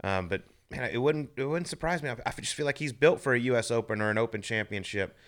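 A man's voice: mid-range voice, fast, fairly bright tone. A man co-hosting a podcast in casual, easygoing chat. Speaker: podcast co-host.

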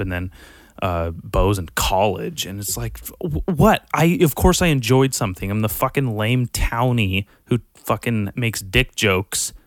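A man's voice: on the low side, a bit bright, no echo, studio quality. A young man hosting a podcast, rambling and ranting in a casual monologue, swearing constantly and sounding exasperated. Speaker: podcast host.

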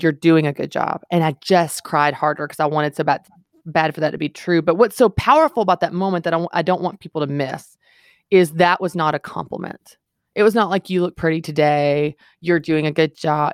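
Low earnest woman, podcast guest author, dry close mic. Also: a little fast, no echo. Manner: earnest, emphatic storytelling. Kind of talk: podcast interview.

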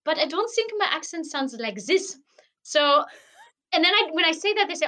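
A Canadian woman scientist talking as a guest in an interview, animated and often laughing. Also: very high-pitched, normal speed. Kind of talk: conversational interview. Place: at home in Berlin, remote call.

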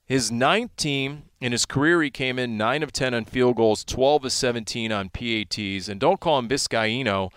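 A man talking sports on the radio as a sideline reporter, spinning his stories with lots of energy. His voice leaps upward whenever a moment excites him. The sound is close and dry, with no room around it. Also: mid-range voice, normal speed, few pauses, clear, resonant tone, no room sound. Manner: animated storytelling, voice jumps up in excitement.

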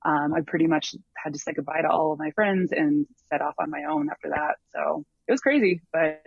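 A man with a voice on the high side, brisk, with vocal fry and a breathy edge, describes his long hike as a guest in a casual interview. He rambles, with many ums and restarts, and the recording sounds dull, lo-fi and dry.

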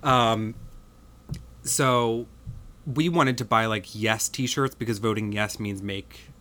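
An American man in casual podcast chat, telling animated, self-mocking travel stories. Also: on the low side, slow pace. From United States.

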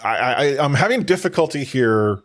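A young man, a father, chatting casually as a podcast co-host, rambling with many halting restarts. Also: medium pitch, very animated. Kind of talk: casual chat.

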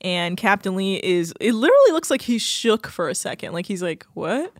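Brief: woman co-host, mid-pitched, giggly and profane, dry close sound. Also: sing-song, fairly quick, no echo. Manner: giggly, profane, slips into mocking impressions. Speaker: podcast co-host. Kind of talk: casual gossipy recap chat.

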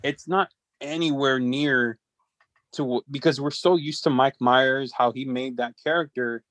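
A man's voice: medium pitch, fairly even intonation, a little slow, a bit bright, dry recording. A man co-hosting a podcast, talking in hesitant casual chat that is full of fillers. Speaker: podcast co-host.

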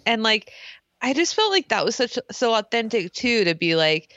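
A woman co-hosting a podcast, casually recapping a TV episode, animated, laughing a lot and swearing casually. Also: fairly high pitch, moderate pace, dry recording. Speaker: podcast co-host. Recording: slightly dull lo-fi sound.

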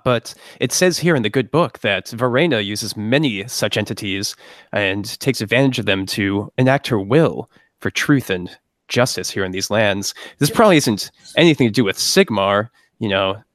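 A man's voice: lowish voice, normal speed, a bit bright, no echo. Man lecturing in character, dry recording. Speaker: player. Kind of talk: in-character role-play.

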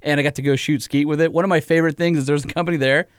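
Upbeat man with a smooth, clear voice. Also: a little high, steady tone, very fast, no room sound, studio quality. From California. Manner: enthusiastic, rambling with fillers. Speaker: podcast co-host. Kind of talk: casual chat.

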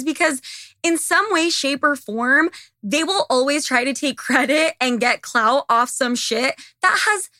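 Young woman podcaster ranting and cussing, bright edgy voice, dry close sound. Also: sits high, no echo. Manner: profane, ranting, candid. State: slightly losing her voice. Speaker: podcast host. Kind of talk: casual monologue.

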